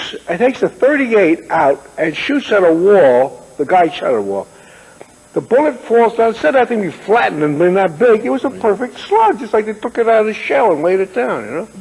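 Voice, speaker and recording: Lively husky old New man. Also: sits high, long reverb tail, poor audio. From United States. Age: 80s. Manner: rambling anecdotes, acts out quoted voices. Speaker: interview guest, writer. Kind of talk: casual interview, storytelling.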